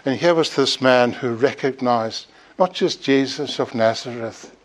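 A man preaching a sermon, earnestly urging his listeners and pleading with rising emphasis. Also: mid-range voice.

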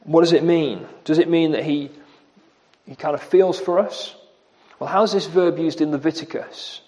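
High-voiced man preaching a sermon. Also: fairly even intonation, a little mellow. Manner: slows and stresses quoted scripture, emphatic repetition. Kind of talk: expository sermon.

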